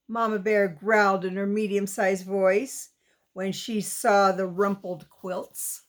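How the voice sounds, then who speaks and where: A woman reading a children's story aloud in a slow, lilting way, asking the young listener questions. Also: medium pitch, steady tone.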